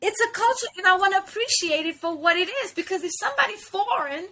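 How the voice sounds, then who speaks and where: A woman's voice: very high-pitched, animated, fast, sharp tone, a little hiss or hum. A woman as a guest in a casual conversation, earnest and reflective, thinking aloud with small restarts.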